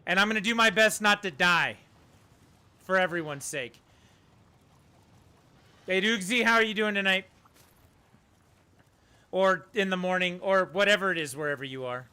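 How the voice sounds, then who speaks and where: A man's voice: sits high, moderate pace, long pauses, clean tone. A middle-aged man chatting casually while streaming a video game with viewers. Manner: chatty, talks to his dog in a soft coaxing voice. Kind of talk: casual live-stream chat.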